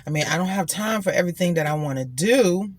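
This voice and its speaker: A woman's voice: fairly low pitch, expressive, fast talker. A young woman chatting candidly to her viewers in a casual vlog, talking loosely and calling them y'all. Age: young adult. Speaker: vlogger. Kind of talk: casual vlog chat to camera. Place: at home, later at a gym.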